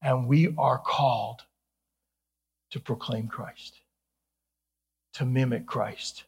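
Preaching with a husky, mid-range voice, a middle-aged pastor from Ohio delivers an earnest sermon. Now and then he lightens it with jokes, growing playful and animated.

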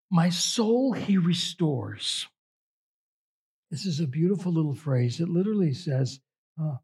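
Husky-voiced man preaching slowly. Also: fairly high pitch, mellow. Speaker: pastor. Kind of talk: sermon.

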